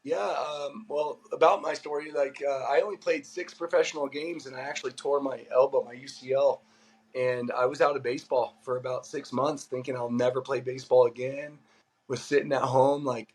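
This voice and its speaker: A man's voice: mid-range voice, normal speed, breathy edge, poor audio. Chatty middle-aged man telling stories. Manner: loose and animated, acts out quoted dialogue, lots of "like". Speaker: guest, former pro baseball player. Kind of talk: casual storytelling.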